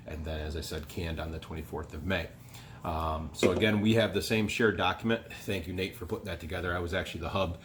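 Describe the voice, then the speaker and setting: Male host, slight country accent, deep voice, rambling and relaxed, filler-heavy. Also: slight background noise. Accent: rural American. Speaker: homebrewing video host. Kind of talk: casual beer review.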